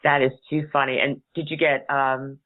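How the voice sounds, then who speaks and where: A woman's voice: a bass voice, level tone, normal speed. A middle-aged woman hosting a call-in talk show, telling a family story in a chatty way and laughing between sentences. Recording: tinny phone-like sound.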